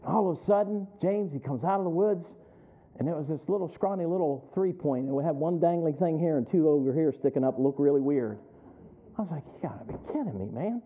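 A man's voice: fairly high pitch, fairly quick. A man preaching a sermon in a conversational way, calling on listeners by name and building to emphatic peaks. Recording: tinny phone-like sound.

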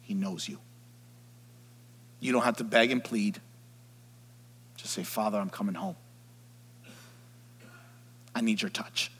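A man preaching an Easter sermon as pastor, swinging from near whispers to loud shouts. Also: on the low side, slow, pauses often, husky. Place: church sanctuary. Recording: long hall reverb.

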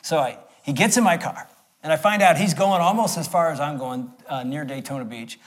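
A man in his sixties preaching through a personal story, acting it out with swings from loud to hushed. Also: fairly high pitch, brisk. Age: 60s. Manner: animated, acts out the scenes with swings between loud and hushed. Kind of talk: storytelling sermon.

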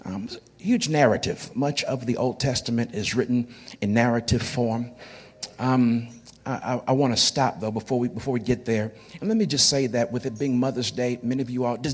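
A man's voice: medium pitch, slightly rough. A man preaching to his congregation in church, folksy and joking, often repeating his words. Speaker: pastor. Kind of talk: sermon. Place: church sanctuary.

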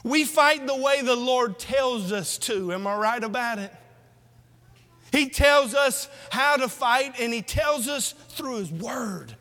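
A man's voice: very high-pitched, animated, slow, sharp tone. A man preaching a sermon, exhorting his congregation with rhetorical questions. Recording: long hall reverb.

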